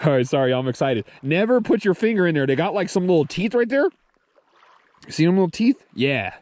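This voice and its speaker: A man vlogging his solo fishing trip outdoors, talking excitedly to the camera and the fish he catches, swearing casually as he films himself. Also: a little high, a little fast. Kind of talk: excited outdoor vlog commentary. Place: outdoors on a reservoir shore.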